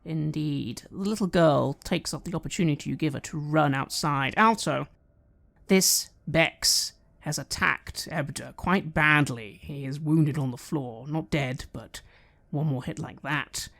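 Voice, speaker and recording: Measured tabletop game master narrating. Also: medium pitch, creaky, a bit bright.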